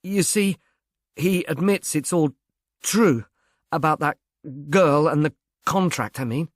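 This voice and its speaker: A bashful young gentleman who stammers over his words and keeps apologising with awkward politeness, as a man reads him. He is pitched fairly high, and the voice sits dry and close. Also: takes it slowly, dry recording. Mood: earnest, worried. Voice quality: stammering, diffident. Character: shy stammering young Englishman, earnest and polite. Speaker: reader.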